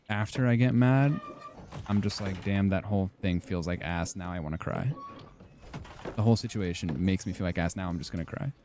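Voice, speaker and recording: A young man streams a game and chats casually with viewers, rambling with lots of fillers and self-deprecating asides. His voice is fairly low and a little mellow, with slight background noise behind it.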